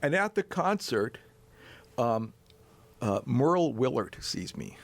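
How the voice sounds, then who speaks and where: A man in his sixties from North Dakota, a bass player telling a long story as a guest, animated and chuckling as he goes. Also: takes it slowly, no echo. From North Dakota, USA. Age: 60s. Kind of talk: storytelling anecdote in a chat.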